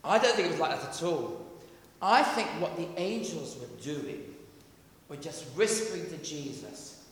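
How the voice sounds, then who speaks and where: Earnest preacher in an echoey church. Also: male voice, on the high side, lively intonation, a little slow, a little hiss or hum. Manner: earnest, emphatic, softens to near-whisper for quoted voices. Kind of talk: sermon. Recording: echoey church, heard from a distance.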